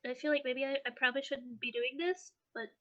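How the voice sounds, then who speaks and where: A woman's voice: high-pitched, fairly even intonation, a little fast, fairly bright tone, dull audio. A woman voicing a small, nervous male office clerk creature who talks in a hesitant, fretful way. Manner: fretful, hesitant, rule-bending.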